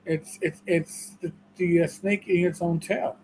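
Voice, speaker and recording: A man's voice: on the high side, steady tone, moderate pace, a little mellow, a little hiss or hum, poor audio. A man with a New York accent co-hosting a livestream, talking emphatically and restarting his words. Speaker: co-host. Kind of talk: casual livestream discussion.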